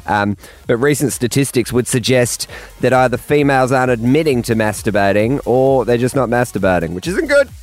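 A man with a nasal voice, hosting a radio show in a cheeky, joking way. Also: mid-range voice. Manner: cheeky, joking, quick-shifting. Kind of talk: casual radio chat.

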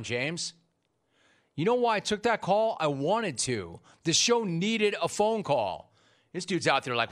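A man's voice: a little high, a bit bright. A man hosting a sports radio call-in show, ribbing his producer in a teasing, exasperated way. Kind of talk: animated radio talk show banter.

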